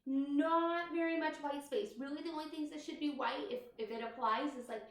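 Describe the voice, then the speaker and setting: A woman's voice: sits high, steady tone, a little fast. A woman kindergarten teacher giving a recorded writing lesson to young children, speaking in a sing-song voice with exaggerated inflection. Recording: very echoey room, distant mic.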